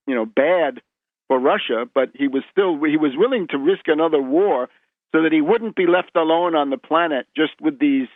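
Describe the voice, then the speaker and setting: A man's voice: fairly high pitch, no room sound. A man as a radio interview guest, explaining history in a lecturing way, often restarting words and tagging points with "right?". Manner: lecturing, with frequent word restarts and tag "right?". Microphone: phone. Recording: tinny phone line.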